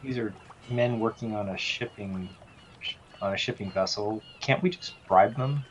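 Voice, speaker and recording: A man's voice: fairly low pitch, moderate pace, dull audio, slight background noise. A man playing a tabletop game, making laid-back suggestions. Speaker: player. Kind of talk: casual tabletop game play.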